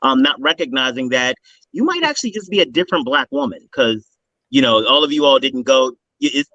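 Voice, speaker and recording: A man hosting an interview, talking in an animated, rambling way as he thinks aloud. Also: mid-range voice, brisk, no room sound, dull audio. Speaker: host. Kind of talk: casual interview talk.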